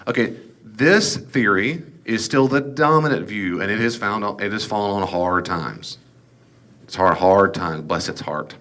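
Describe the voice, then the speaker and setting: A man's voice: fairly low pitch, measured pace, a bit bright. A man giving a casual, folksy Bible class lecture, with jokes and asides. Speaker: Bible teacher.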